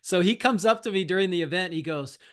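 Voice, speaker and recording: Upbeat high-voiced male host. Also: fast talker, a bit bright. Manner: enthusiastic and praising. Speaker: meeting host. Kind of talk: casual group call hosting.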